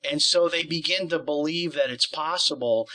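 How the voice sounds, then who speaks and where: A man's voice: on the high side, normal speed, sharp tone, low-quality recording. A man interviewing a singing teacher, explaining ideas at length with plenty of qualifiers and asides. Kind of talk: conversational interview.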